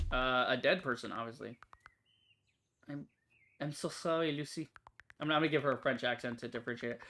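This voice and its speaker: A man's voice: medium pitch, a bit bright. Rambling man doing casual game commentary. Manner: rambling, full of fillers and self-corrections. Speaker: gaming channel host. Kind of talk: casual let's-play commentary.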